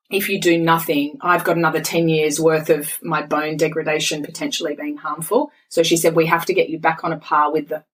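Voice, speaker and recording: A woman in her forties, a podcast guest speaking frankly and telling stories in an animated way. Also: deep voice, poor audio. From Australia. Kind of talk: candid podcast conversation.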